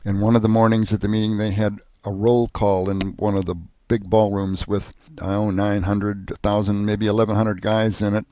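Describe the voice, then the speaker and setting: A man's voice: lowish voice, level tone, normal speed, few pauses, dark tone, dry recording. An older man narrating a personal family history, earnest and plain-spoken, with occasional restarts.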